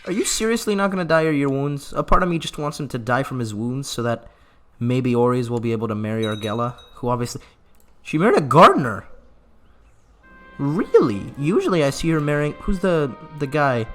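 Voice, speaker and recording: A man giving playful, sarcastic let's-play commentary on a strategy game, slipping into drawn-out mock grief and quick asides to his viewers. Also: medium pitch, big pitch swings, soft background music. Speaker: gaming channel host.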